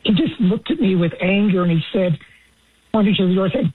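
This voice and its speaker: A man's voice: high-pitched, expressive, brisk, slightly rough. Man calling in over a tinny phone line. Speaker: caller. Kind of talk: call-in radio talk.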